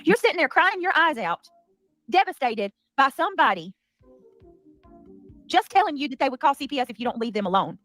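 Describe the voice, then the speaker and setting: A woman hosting a heated livestream, talking fast and defensively with many restarts. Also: high voice, sing-song, a bit bright, dry recording, soft background music. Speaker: livestream commentary host. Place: home.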